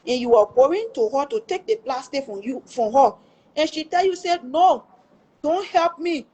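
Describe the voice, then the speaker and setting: A woman with a Liberian English accent speaks in a high voice. She tells a painful family story on a livestream. She pleads with emphasis and swears before God that every word is true. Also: lively intonation, normal speed, mellow, husky. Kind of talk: emotional personal testimony.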